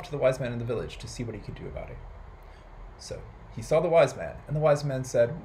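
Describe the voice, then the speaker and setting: A man reads a children's story aloud for a library storytime. His pitch swings widely as he tells it, and he throws in playful animal noises and sound effects. The delivery stays animated throughout. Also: quick pace, slight background noise, rough recording.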